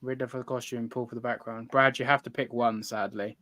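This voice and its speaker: A man's voice: mid-range voice, flat delivery, brisk, pushed and bright, dry recording. Boastful swearing man, dry sound. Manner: boastful, playfully indignant, swears a lot. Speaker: podcast co-host. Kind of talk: casual chat.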